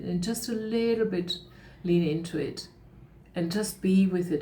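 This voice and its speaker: A middle-aged woman speaking as a coach in a calm, reflective way, sometimes acting out the thoughts in someone's head. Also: fairly low pitch, unhurried. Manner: calm, reflective, acts out inner voices. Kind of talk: talk on emotional coaching. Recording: echoey room with faint noise.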